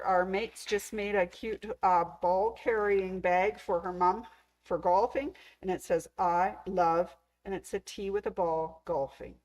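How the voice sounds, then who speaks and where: A woman's voice: mid-range voice, rough recording. Chatty woman hosting a sewing demo. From Canada. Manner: chatty and enthusiastic, gushing over cute things. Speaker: sewing store host. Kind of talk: casual show-and-tell demo.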